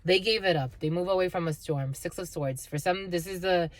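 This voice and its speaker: A woman's voice: on the low side, fairly quick, very noisy. A woman doing a casual, blunt and profane tarot reading, laughing often. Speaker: tarot reader.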